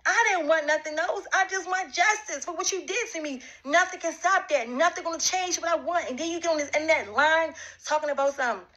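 A woman's voice: very high-pitched, brisk, hardly any pauses, bright, forceful tone, low-quality recording. A woman addressing someone directly, confrontational and repetitive, repeating her demands with emphasis.

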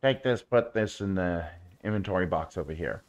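A man's voice: low-pitched, normal speed, lo-fi sound. A man streaming a video game, chatting to viewers and cooing baby talk at his in-game pet. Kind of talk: casual gameplay commentary.

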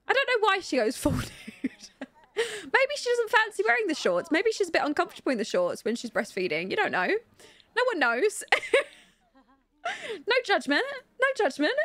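A woman's voice: high-pitched, a bit bright, no room sound. A young woman giving chatty, giggly commentary on her life-sim game and talking to her viewers. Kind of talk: casual gameplay commentary.

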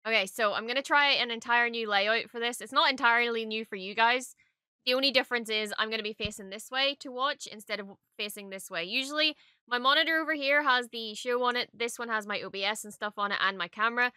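A young adult woman giving casual reaction commentary at her home streaming desk, excitable and gushing, swearing freely. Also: on the high side, quick pace, smooth, no echo, clean studio sound.

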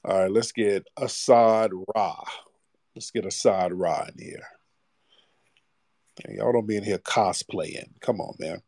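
A man's voice: fairly low pitch, unhurried, pauses often, a little mellow, no echo, studio quality. Blunt slangy man hosting a call-in. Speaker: host. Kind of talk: live call-in radio show.

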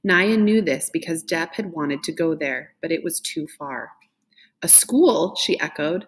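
A woman reads a novel aloud in a fairly low voice. Her delivery is gentle and expressive. She lifts her pitch when the characters speak. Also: moderate pace, husky. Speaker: reader.

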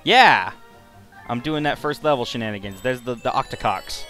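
A young man in casual gaming banter, joking and rambling with loud laughs. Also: mid-range voice, expressive, normal speed, faint music behind. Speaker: gaming commentator.

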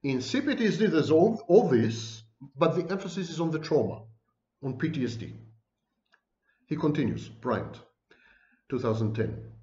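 A man's voice: fairly high pitch, sing-song, moderate pace, pauses often, mellow. Emphatic man lecturing in an echoey room. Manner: emphatic, scornful, piles up terms. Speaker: lecturer on personality disorders. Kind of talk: online lecture. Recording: echoey room, dull lo-fi sound.

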